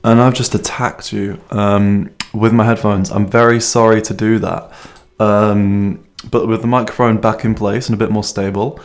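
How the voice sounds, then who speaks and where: A man's voice: on the low side, little pitch movement, moderate pace. A man presenting a music radio show, chatting between songs in a rambling, self-mocking way with many fillers. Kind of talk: casual music show links.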